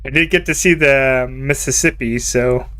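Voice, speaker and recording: Smooth-voiced Canadian streamer, chatty. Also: male voice, medium pitch, normal speed, sharp tone. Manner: chatty, rambling, laughs often. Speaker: game streamer. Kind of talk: casual chat while gaming.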